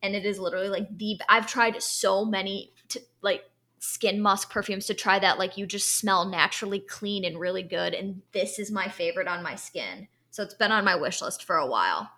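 A bright, clear-toned young woman chatting casually as a podcast co-host. She talks with enthusiasm, drifting through fillers and asides. Her pitch sits in a middle range. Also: moderate pace. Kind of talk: casual chat about perfume.

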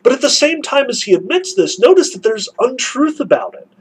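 A male lecturer walks through a novel scene by scene, stressing key points. His voice is husky and sits fairly high. He talks analytically and emphatically. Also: big pitch swings, a little fast, rough recording. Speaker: literature lecturer.

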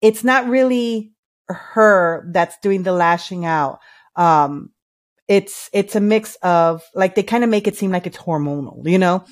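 A woman's voice: on the low side, measured pace. Giggly, rambling woman podcast co-host. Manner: rambling, frequent ums and laughs. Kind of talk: casual movie chat.

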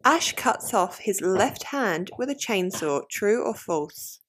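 Host: woman, teasing and quick, laughs often, very animated delivery. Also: medium pitch, a little hiss or hum. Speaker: quiz host. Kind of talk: casual quiz game chat.

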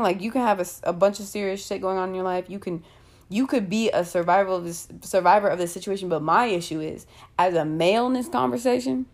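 A woman delivering an angry, profane rant full of rapid rhetorical questions. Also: fairly low pitch, darkish tone.

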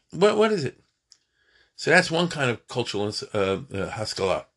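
A man's voice: on the high side, vocal fry, fairly bright tone. A man giving an informal lecture on Jewish thought, asking rhetorical questions and often checking that listeners follow. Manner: conversational, rhetorical questions, frequent checks like "you see what I'm saying?".

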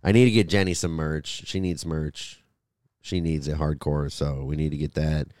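A man's voice: very deep voice, steady tone, moderate pace, a little mellow, dry recording, clean studio sound. A man co-hosting a podcast in crude, joking banter, stoned and often breaking off mid-sentence. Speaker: podcast co-host.

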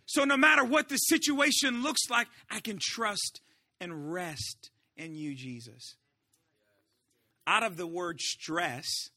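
A male pastor preaching a sermon in an animated way, swinging between shouts and hushed asides. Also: high-pitched.

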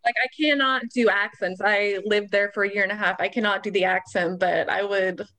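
A woman's voice: medium pitch, fairly even intonation, a little fast, fairly bright tone. A woman recalling her past in a casual group chat, rambling and chatty.

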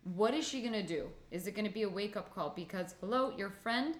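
Young adult woman, podcast co-host. Blunt, chatty, mid-pitched, in a roomy-sounding space. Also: lively intonation, fairly quick. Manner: chatty, blunt, thinks aloud with restarts. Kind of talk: casual chat. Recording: echoey room.

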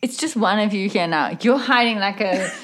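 A woman's voice: medium pitch, moderate pace, fairly bright tone, a little hiss or hum. A woman playing a tabletop role-playing game, describing her character's actions with teasing, wry remarks. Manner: teasing, wry, laughs at others' moves. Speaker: player.

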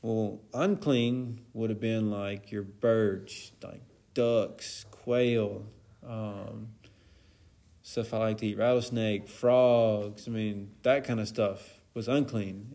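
A man's voice: mid-range voice, warm tone. A man giving an informal Bible lesson in a casual, conversational way, with plenty of fillers and asides. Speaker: Bible study teacher.

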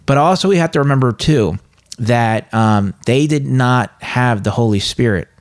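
A man of middle pitch talks through scripture in a relaxed podcast chat. He is earnest and openly confessional about his own faults. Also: normal speed. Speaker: podcast co-host. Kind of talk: casual Bible discussion.

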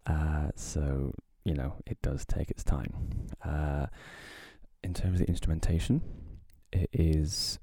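Male podcast host, gravelly low voice, offhand self-mocking chat, close dry mic. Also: steady tone, slow pace, dark tone, no echo. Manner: rambling, self-deprecating, wry asides. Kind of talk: casual solo podcast talk. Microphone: home podcast mic, close.

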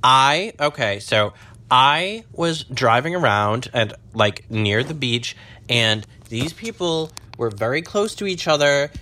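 A young man rambling and swearing in a casual monologue from his parked car, jumping between low mutters and high squeals. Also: expressive, takes it slowly, bright, forceful tone. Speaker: vlogger.

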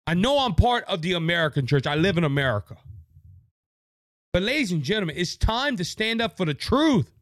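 A man's voice: high-pitched, sing-song, a little fast, a bit bright, no echo, studio quality. Fervent, preachy male podcast host. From Louisiana. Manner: preachy, fervent, repeats words when worked up. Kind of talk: impassioned political podcast monologue. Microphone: studio microphone.

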